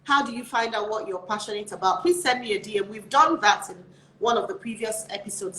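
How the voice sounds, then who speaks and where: A woman's voice: mid-range voice, fairly bright tone, slight background noise. A woman hosting an interview show, wrapping up with encouraging words to her viewers. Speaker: host. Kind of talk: casual interview chat. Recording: echoey room.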